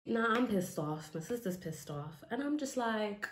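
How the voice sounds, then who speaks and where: A young woman from retelling a personal story for a vlog, animated and repeating lines for emphasis, acting out what people said. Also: mid-range voice, measured pace. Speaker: vlogger telling a story. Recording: echoey room with faint noise.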